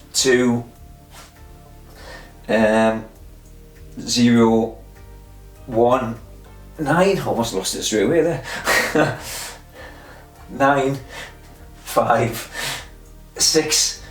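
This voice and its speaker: A man's voice: mid-range voice, very slow, long pauses. A man talking to himself during a workout, chuckling and self-mocking, out of breath, recorded in an echoey room with faint music. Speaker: vlogger doing a memory and pull-up challenge. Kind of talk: casual self-talk while exercising.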